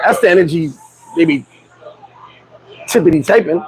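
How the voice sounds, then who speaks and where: Guy with a high voice ranting on his vlog, jokey, lots of swearing, crowd noise behind. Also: moderate pace, long pauses, low-quality recording. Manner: animated, joking, swears freely. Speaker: vlogger. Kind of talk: casual rant to camera.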